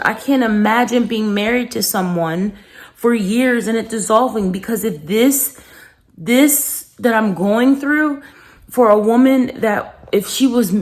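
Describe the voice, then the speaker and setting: A young woman talking earnestly and reflectively in a personal vlog, pausing and restarting as she speaks. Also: on the high side, darkish tone. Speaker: vlogger.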